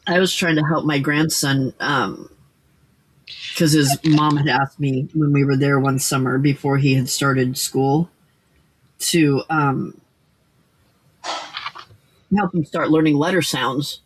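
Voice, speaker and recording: Older woman, casual livestream host, halting and rambling, slow pace. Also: low voice, steady tone, a little hiss or hum. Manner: rambling, hesitant, many fillers and restarts. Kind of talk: casual late-night chat.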